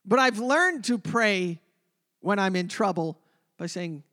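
High-voiced male preacher. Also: expressive, takes it slowly. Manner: emphatic, shifts between loud and hushed. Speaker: pastor. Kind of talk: sermon.

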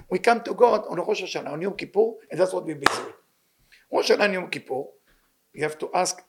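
A man giving an informal Torah lesson, earnest and animated, in broken English. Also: sits high, fast talker, husky. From Libyan Sephardic family. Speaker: rabbi teaching weekly Torah portion.

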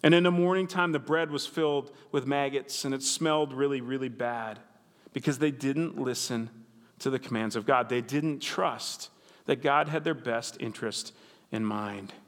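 A man's voice: medium pitch, normal speed. A man preaching a sermon in a chatty, conversational way with asides to the congregation. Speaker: pastor. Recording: reverberant hall.

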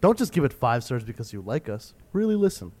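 A man's voice: medium pitch, sing-song, fast, a little mellow. A man co-hosting a casual podcast, bantering and ranting in a sarcastic, mock-bitter way. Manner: jokey, bantering. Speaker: podcast co-host. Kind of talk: casual chat.

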